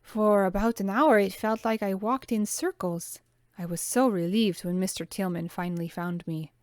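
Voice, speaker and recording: A woman voicing a young maid with a put-on French accent, speaking softly and hesitantly, partly in a whisper. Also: mid-range voice, normal speed, no room sound, natural voice. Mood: sheepish.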